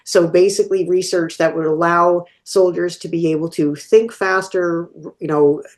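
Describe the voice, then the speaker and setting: A woman academic answers a question from the audience, working through her thoughts with fillers and restarts. Her voice sits fairly low and she speaks in an unscripted, considered way. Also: steady tone, normal speed, a little mellow. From Canada.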